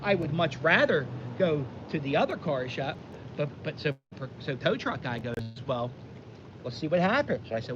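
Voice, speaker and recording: A very animated Philadelphia vlogger with a fairly high voice rambles through a story, cutting himself off along the way, at normal speed. He's recorded outdoors by the water on a dull-sounding lo-fi mic, with wind and boat noise clearly audible.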